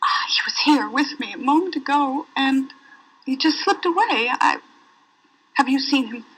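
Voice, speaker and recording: An actress playing a wealthy, fussy hotel guest who has lost her husband, talking in a flustered, halting way that trails off. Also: high-pitched, lively intonation, a bit bright, poor audio. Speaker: hotel guest in a language course video.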